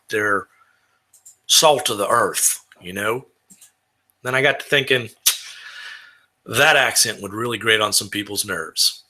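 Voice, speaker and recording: A man from Texas rambles through a casual talk about roleplaying, circling back and restarting his sentences. His voice is very bright and sharp-edged, sitting at an ordinary middle pitch. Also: unhurried, long pauses. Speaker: tabletop roleplayer.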